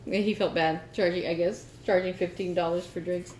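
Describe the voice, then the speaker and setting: A woman co-hosting a craft podcast, telling a story in a chatty, animated way with lots of fillers. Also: fairly low pitch, brisk, echoey room, a little hiss or hum. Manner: chatty, animated retelling with many fillers and laughs. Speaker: podcast co-host. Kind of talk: casual storytelling chat.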